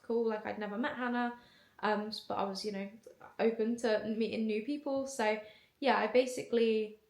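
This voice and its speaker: A woman's voice: on the high side, steady tone, moderate pace, vocal fry. A young woman telling a casual story to camera in a chatty way, full of fillers. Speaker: content creator. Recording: echoey room.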